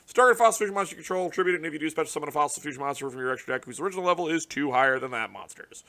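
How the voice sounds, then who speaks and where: Cursing, animated young man ranting. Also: on the high side, rapid-fire. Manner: profane, exasperated ranting with sudden loud outbursts. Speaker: card game content creator. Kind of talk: casual reaction commentary.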